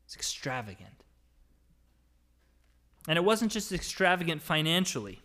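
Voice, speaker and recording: A male pastor delivering a church sermon, reading scripture and explaining it, swinging between emphatic lines and quiet, soft endings. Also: a little high. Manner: expository preaching, reading scripture aloud and explaining it; dynamic delivery, rising for emphasis and dropping to soft, quiet phrases.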